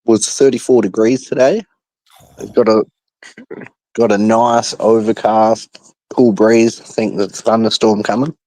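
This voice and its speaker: A man calling into a football phone-in from abroad, speaking in a measured way with dry humour. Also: on the low side, level tone, mellow, no room sound, low-quality recording. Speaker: caller. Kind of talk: casual phone-in chat.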